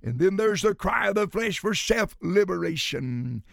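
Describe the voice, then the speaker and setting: A man preaching a sermon, emphatic, swinging from shouted lines to low, quiet drops. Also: expressive, a little slow, vocal fry, dry recording, clean studio sound.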